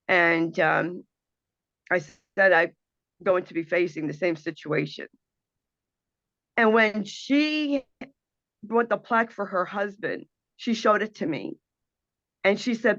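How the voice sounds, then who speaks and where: A woman's voice: mid-range voice, expressive, slow pace, a bit bright, no echo, dull audio. A woman hosting an internet radio talk show, speaking in an earnest, emotional and impassioned monologue over a video call.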